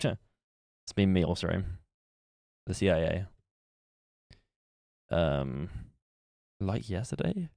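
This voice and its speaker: A man's voice: low voice, sing-song, drawn-out words, vocal fry, pauses often, warm tone, no room sound, studio quality. A man streaming live, chatting casually and thinking aloud as he works through a guessing game. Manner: musing aloud while playing a guessing game. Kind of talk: casual livestream chat.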